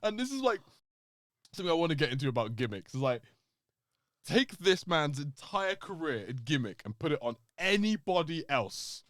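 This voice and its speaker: Man, casual podcast chat, animated and swearing, lively up-and-down pitch, dry close sound. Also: moderate pace, no room sound. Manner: animated, laughs often, swears, acts out quotes. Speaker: podcast co-host.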